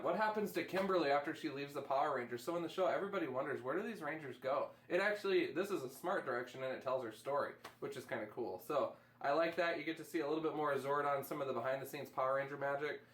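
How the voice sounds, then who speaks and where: A man's voice: on the high side, fast, a bit bright. Enthusiastic man in an echoey room. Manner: enthusiastic, rambling comic reviews. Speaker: host. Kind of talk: casual chat.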